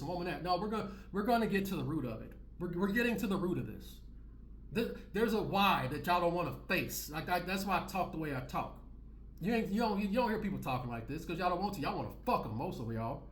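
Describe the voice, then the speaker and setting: A man's voice: on the high side, reverberant, a little hiss or hum. Preachy man with a slangy rant. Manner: preachy, repeats himself, street slang. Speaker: commentary vlogger. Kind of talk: reaction commentary.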